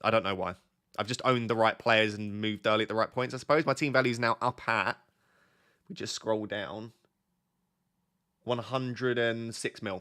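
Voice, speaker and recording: A man's voice: lowish voice, steady tone, moderate pace, long pauses, pushed and bright. A young man chatting casually on a live stream, reading out viewer comments and drifting off on tangents. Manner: chatty, easily sidetracked, reads out chat messages. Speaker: fantasy football streamer.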